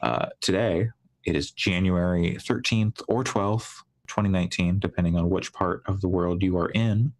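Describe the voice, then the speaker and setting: A man's voice: deep voice, steady tone, moderate pace. A man hosting a casual gaming podcast, teasing his co-hosts in a dry way over a remote call. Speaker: podcast host.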